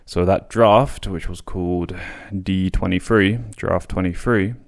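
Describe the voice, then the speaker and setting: Low-voiced man reading history aloud. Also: steady tone, a little slow, creaky. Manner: reads long quotes with casual spoken asides; occasional stumbles and restarts on words. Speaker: podcast host.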